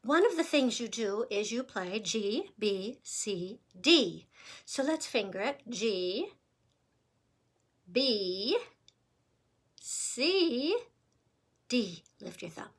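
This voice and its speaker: A woman's voice: a little high, sing-song, extremely slow, long pauses. A woman music teacher giving a recorder lesson with patient, encouraging step-by-step instructions.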